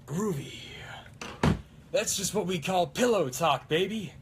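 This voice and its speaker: A man's voice: high-pitched, lively intonation, a little slow, very noisy, voice pushed up. A man doing Ash, a cocky demon hunter. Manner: brash, swaggering one-liners. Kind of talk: on-demand character impression.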